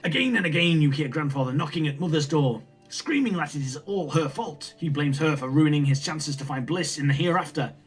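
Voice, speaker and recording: A young man reading a story game aloud as a gaming storyteller, in steady, expressive narration. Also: a little high, slightly rough.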